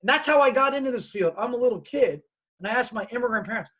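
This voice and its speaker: A man's voice: very high voice, fast talker, breathy edge. A middle-aged man giving a diversity workshop, telling stories and acting out the people in them. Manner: animated, acts out quoted dialogue. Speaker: diversity trainer.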